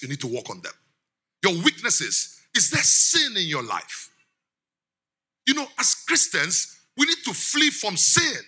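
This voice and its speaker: A middle-aged man, giving a lively sermon as guest speaker, laughing often and quizzing the congregation. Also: high-pitched, breathy edge.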